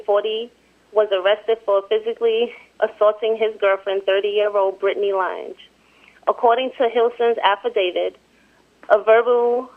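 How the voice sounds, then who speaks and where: A soft-spoken woman chatting as a guest and reading a news story aloud. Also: medium pitch. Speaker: show guest and co-host. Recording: tinny phone-line sound.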